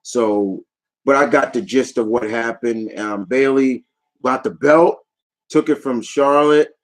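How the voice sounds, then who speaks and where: A man recaps things for his vlog audience in an easygoing, rambling way. His voice sits in an ordinary middle pitch. He sounds eager and often lets a thought trail off before moving on. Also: slow pace, poor audio. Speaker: YouTube vlogger. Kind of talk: casual chat recap.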